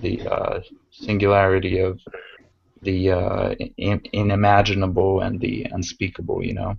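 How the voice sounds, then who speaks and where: A man's voice: low-pitched, completely flat delivery, normal speed, creaky, slightly rough, no echo, dull audio. A man hosting a casual podcast conversation, talking hesitantly with many fillers and restarts.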